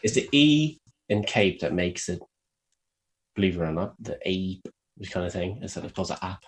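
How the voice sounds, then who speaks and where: Low husky Irish man, joking. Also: animated, normal speed. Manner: teasing, laughs often, swears freely. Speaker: podcast co-host. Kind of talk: casual chat.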